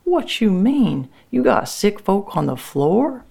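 A woman's voice: medium pitch, big pitch swings, slow pace, gravelly, dark tone, slightly rough, pitched above the performer's own voice, heavily acted. A woman voicing a worried plant worker who speaks in plain, folksy dialect. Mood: alarmed. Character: anxious working man, plant worker, stubborn.

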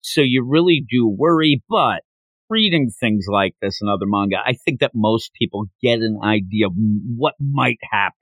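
Here a male podcast host with a mid-range voice chats at an ordinary speed about a manga chapter, narrating it with animation and voicing the characters' lines himself. The recording is dry.

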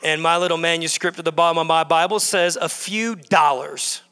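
A male pastor delivers a sermon in a high, bright, forceful voice. He hammers his points through repetition, building in bursts. His voice rings out with a long reverb from the church hall. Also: steady tone, normal speed, few pauses, smooth. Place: church sanctuary.

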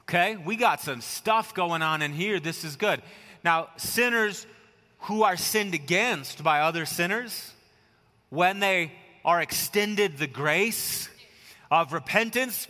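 A man's voice: high-pitched, a little slow, pushed and bright. A man in his forties preaching a sermon as pastor, asking the congregation rhetorical questions in a conversational way. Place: large church hall. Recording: long hall reverb.

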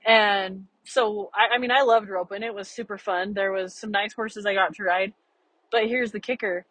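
A young woman hosts her own solo podcast, talking earnestly and chattily about ranch life and personal growth. Her medium-pitched voice is steady and fairly bright at a moderate pace. The recording has no echo but sounds rough.

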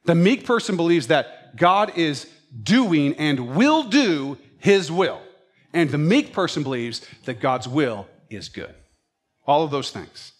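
Lively, animated preaching man. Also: a little high, slow, soft background music. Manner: animated storytelling preacher who acts out his pets' thoughts. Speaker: pastor. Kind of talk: sermon.

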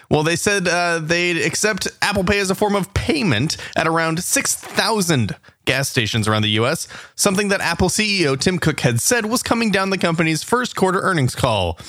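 A man's voice: high voice, lively intonation, moderate pace, bright, forceful tone, no room sound. A male podcast host reading tech news headlines with wry asides. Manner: wry, newsy read with asides.

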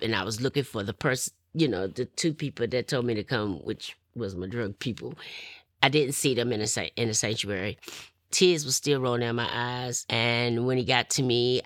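A middle-aged woman, telling her personal testimony in an animated way and acting out what others said. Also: rumbling low, dry recording, clean studio sound. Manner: animated, acts out quoted voices, laughs often. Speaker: testimony speaker.

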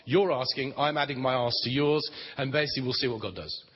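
Speaking fast with a medium-pitched voice, a man teaches on prayer ministry at a Christian conference in a plain, conversational style laced with dry humor. The recording from the large hall is dull and reverberant, with a little hiss or hum.

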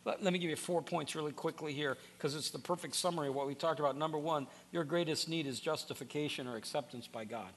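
Earnest preaching man with gravelly voice. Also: on the high side, fast, few pauses, fairly bright tone, a little hiss or hum. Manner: earnest, repeats words when starting sentences. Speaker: pastor. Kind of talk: sermon.

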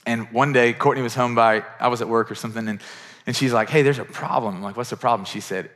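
A man's voice: mid-range voice, fairly even intonation, quick pace, fairly bright tone. Earnest middle-aged male pastor preaching. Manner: conversational, earnest, repeats words as he builds. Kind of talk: sermon.

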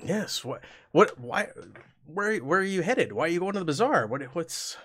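A young man narrating a tabletop game as game master, his pitch bouncing widely between lines. He slips into hushed, halting tones as he voices townsfolk. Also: expressive, slightly rough.

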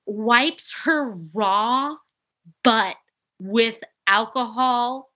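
Bright-voiced young woman telling nurse stories. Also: drawn-out words. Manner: animated, acts out quotes with big pitch jumps. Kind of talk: casual storytelling chat.

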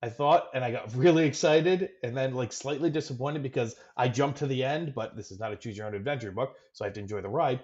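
A man co-hosting a podcast in casual chat, excitable and joking, with frequent fillers. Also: mid-range voice, fast, few pauses. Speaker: podcast co-host. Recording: dull lo-fi recording.

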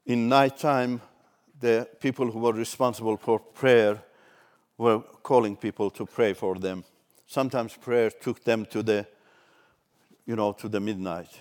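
A man preaching a sermon, swinging between loud emphatic declarations and soft asides. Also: on the low side, steady tone, measured pace.

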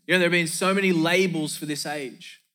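A man's voice: a little high, fairly even intonation, brisk, bright, forceful tone. A man preaching a sermon as pastor, emphatic, repeating key lines for effect and dropping in joking asides.

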